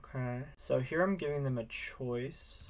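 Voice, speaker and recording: Brief: male creator, mid-pitch, chatty and wry, live card-game commentary with muttered jabs at the opponent. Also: measured pace. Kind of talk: casual gameplay commentary.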